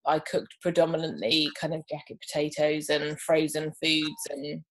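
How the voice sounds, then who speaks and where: A woman's voice: sits low, level tone, moderate pace. A woman, a guest in a casual interview, talking thoughtfully with frequent ums. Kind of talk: casual chat.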